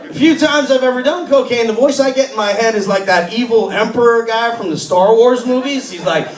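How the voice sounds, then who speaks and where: Comic from Massachusetts, rambling raunchy stand-up, higher male voice, roomy club sound with a laughing crowd. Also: fairly quick. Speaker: stand-up comedian. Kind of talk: stand-up comedy. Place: comedy club. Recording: echoey club, distant mic, laughing crowd.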